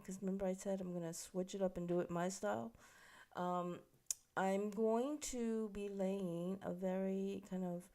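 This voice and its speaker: A woman's voice: mid-range voice, mellow. A woman makeup instructor giving a casual, chatty tutorial, explaining each step as she works on a model. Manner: chatty, explains while working, many fillers.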